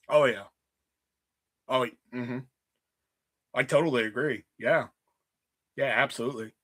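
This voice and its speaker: A young man hosting a livestream, telling casual stories in an animated, profane way and acting out quotes. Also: on the high side. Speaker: livestream host. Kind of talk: casual storytelling chat.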